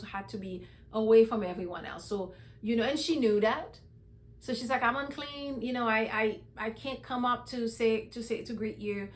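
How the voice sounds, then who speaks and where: Fairly high-voiced woman retelling scripture. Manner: conversational, retelling with fillers. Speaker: host. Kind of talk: Bible reading commentary.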